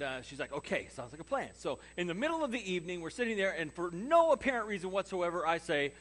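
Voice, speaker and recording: A man preaching a sermon as pastor, telling a personal story with lively acted-out dialogue. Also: high voice. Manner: animated storyteller acting out quoted dialogue.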